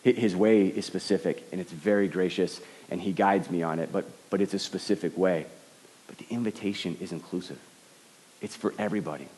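A man preaches with a low voice and an earnest, searching manner. He often repeats the first word of a phrase as he finds his way into a thought. His voice carries a long reverb, as if heard in a large hall. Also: a little fast, a little mellow. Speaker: pastor. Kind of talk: sermon.

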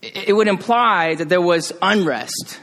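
A man preaching a conversational sermon as pastor, joking with the congregation and dropping to a hush on solemn phrases. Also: high-pitched, lively intonation, unhurried. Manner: conversational, jokey, with restarts and sudden quiet hushed drops.

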